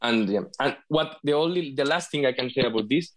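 A flute player from Spain, speaking with a Spanish accent, joins a casual interview as a guest over video call. His mid-range voice halts and restarts often, repeating words.

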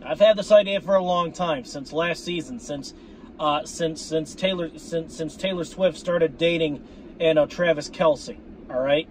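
A man with a rather high voice delivers a worked-up fan rant straight to his viewers. He swears freely, circles back over his own phrases and keeps calling his audience "folks". A faint hum of noise sits underneath. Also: unhurried. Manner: profane, repetitive, addresses viewers as folks. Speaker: sports fan vlogger. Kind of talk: ranting fan commentary.

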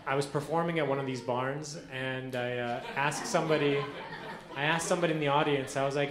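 Male stand-up comic, deadpan storytelling, echoey club, loud audience noise. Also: mid-range voice, fairly quick. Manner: deadpan storytelling with acted-out quotes. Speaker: stand-up comedian. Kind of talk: stand-up comedy set. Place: comedy club stage with audience. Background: audience laughter.

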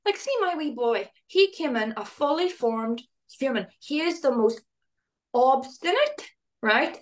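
A woman guest in casual conversation, chatty and animated, laughing often as she talks. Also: high voice, a little slow.

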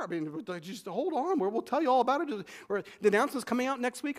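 High-voiced man preaching conversationally. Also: animated. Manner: conversational preaching, acts out quick back-and-forth dialogue; frequent restarts and repeated words. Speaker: pastor. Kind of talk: sermon.

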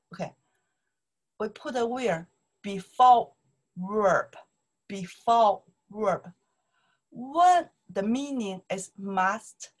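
Breathy, slow-speaking woman teaching Chinese. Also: medium pitch, low-quality recording. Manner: repetitive, drilling pronunciation and checking with "okay? right?". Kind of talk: online language lesson.

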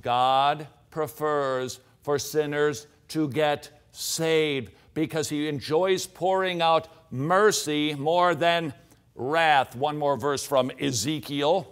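A man's voice: fairly high pitch, fairly even intonation, slow, clean tone. A middle-aged man teaching from the Bible on a show, reading scripture aloud and dropping in jokey asides.

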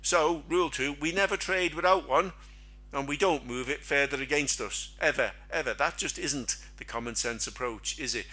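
Middle-aged guy running a trading webinar, chatty and bright, keeps asking rhetorical questions. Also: on the high side, moderate pace. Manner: chatty, asks rhetorical questions, acts out silly quoted voices. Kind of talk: casual teaching chat.

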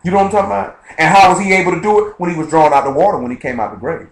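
Quoting scripture and then explaining it, a man speaks quickly and conversationally to the people gathered for an informal Bible study, checking in with them as he goes. His voice sits somewhat high for a man. Echo rings through the live-streamed recording.

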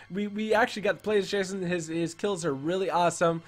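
A man giving energetic, playful commentary while playing a horror game with friends, often repeating himself. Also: high voice, brisk. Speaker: gaming YouTuber. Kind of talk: excited gameplay commentary. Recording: game music behind.

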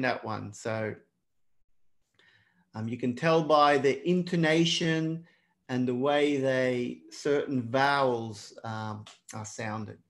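A man teaching a live online exam prep class in a casual, chatty way, often calling out to everyone. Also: mid-range voice. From not British. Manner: chatty, keeps addressing everyone.

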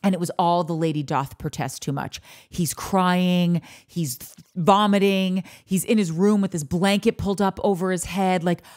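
A woman hosting a podcast, tipsy from beer, giving a casual ranting TV review, animated, sarcastic and profane with big swings in pitch. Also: normal speed. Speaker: podcast host.

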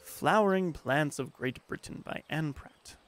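A man's voice: fairly high pitch, unhurried, a bit bright, soft background music. A man streaming a puzzle game, rambling and self-mocking while reading game text aloud. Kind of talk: casual game commentary.

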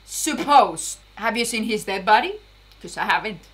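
A young woman reacting to a TV episode in casual commentary, excitable, laughing and swearing often. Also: mid-range voice, brisk. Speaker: reaction video host.

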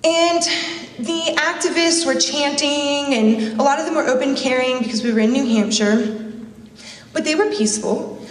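A woman's voice: sits high, moderate pace. A woman giving a conference speech, telling a personal story with emotion and repeated phrases. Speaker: speaker at a conference. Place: conference hall. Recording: echoey hall, mic from a distance.

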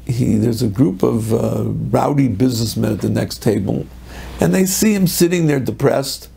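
A middle-aged rabbi delivers a Torah lecture, spinning a story with lively energy and sprinkling in Hebrew and Yiddish words. His voice is gravelly and a little husky, sitting at an ordinary middle pitch for a man.

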